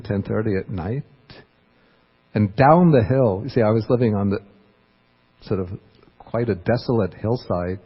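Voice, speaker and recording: A man's voice: on the low side, slightly rough. A man who is a Buddhist monk, telling a personal story in a dharma talk and chuckling often as he goes. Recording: dull lo-fi recording.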